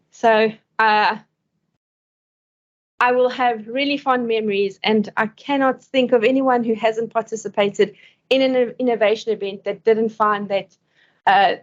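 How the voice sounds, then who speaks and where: A woman's voice: fairly high pitch, muffled recording. A woman giving a conference talk and answering questions, speaking conversationally and laughing often between points.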